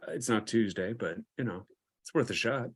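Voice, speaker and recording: A man's voice: fairly low pitch, animated, a little fast, husky. A man cohosting a casual live stream, reading pickup lines with a lot of hesitation and laughter. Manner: laid-back, hesitant, laughs often.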